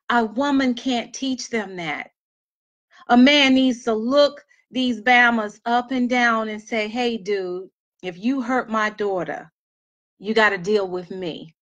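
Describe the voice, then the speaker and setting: Middle-aged dc woman giving an emotional pep talk to single moms, earnest, repeats herself for emphasis, kinda high voice. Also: a bit bright, lo-fi sound. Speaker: speaker addressing single mothers. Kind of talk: motivational talk to an audience.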